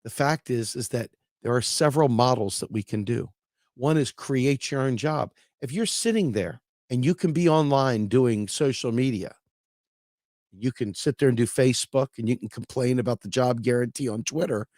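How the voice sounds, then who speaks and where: A man's voice: mid-range voice, moderate pace, darkish tone, no echo, studio quality. A man hosting opinionated solo political commentary who talks bluntly, with swearing and sarcasm.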